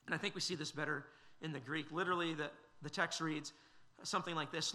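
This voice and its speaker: A man's voice: on the high side, a little fast, bright, forceful tone. A man preaching a sermon, earnest and questioning, with frequent fillers and restarts.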